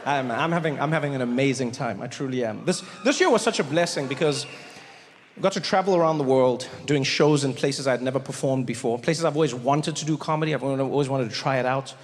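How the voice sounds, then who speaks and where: A man doing stand-up comedy, an animated storyteller who jumps into voices and repeats words for emphasis. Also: mid-range voice, a little fast, a little hiss or hum. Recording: long reverb of a large venue, faint ambience.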